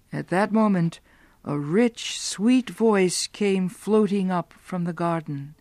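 A woman reading a story aloud in a slow, deliberate and clear way. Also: lowish voice, darkish tone, dry recording. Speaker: reader. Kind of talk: scripted story narration.

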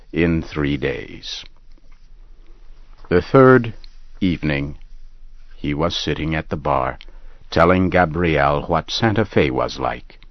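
A man narrating a story in a slow, measured, deliberate way. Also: no room sound, lo-fi sound. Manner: measured, deliberate, low and calm. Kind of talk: slow scripted story reading.

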